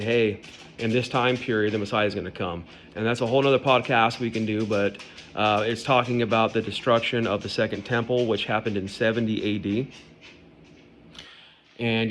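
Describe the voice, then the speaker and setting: A man's voice: on the low side, a bit bright, slight background noise. A man hosting a podcast from home, talking conversationally and speaking straight to his listeners. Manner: conversational, addresses listeners directly. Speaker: podcast host. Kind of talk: casual podcast monologue on faith.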